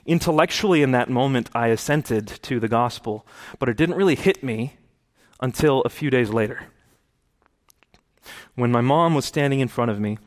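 A man's voice: mid-range voice, moderate pace. A man giving a sermon about his own conversion, telling it earnestly and rising to impassioned preaching. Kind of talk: testimony sermon.

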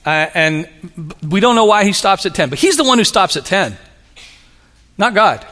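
A man preaching a sermon, telling stories in an animated, humorous way. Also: sits high, moderate pace. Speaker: pastor. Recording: long reverb of a large hall.

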